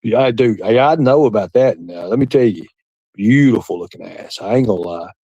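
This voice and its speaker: A man hosts a livestream and chats casually with his live audience, crude, boastful, rambling, and laughing often. His lowish voice is animated, brisk, mellow, and husky, recorded lo-fi with no room sound.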